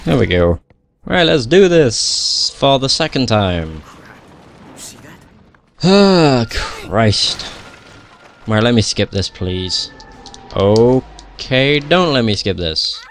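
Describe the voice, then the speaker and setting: A man's voice: medium pitch, big pitch swings, extremely slow, pauses often, a little hiss or hum. A young man giving casual gameplay commentary, swearing a lot, grumbling at the game and laughing at himself. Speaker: gamer playing through a video game.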